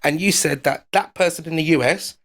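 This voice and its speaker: Gravelly British man, chatty. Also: on the high side, brisk, fairly bright tone. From United Kingdom. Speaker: foreign correspondent. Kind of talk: casual chat.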